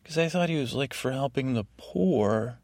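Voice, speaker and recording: A man's voice: mid-range voice, animated, moderate pace, darkish tone, no room sound. A man hosting a sleep podcast, rambling through a meandering recap with self-deprecating asides and frequent restarts. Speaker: podcast host.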